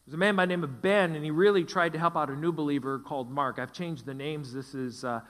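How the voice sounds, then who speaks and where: A man's voice: fairly high pitch, fast talker, a bit bright. Emphatic middle-aged male pastor preaching. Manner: emphatic, repeats phrases for stress. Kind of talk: sermon. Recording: long hall reverb.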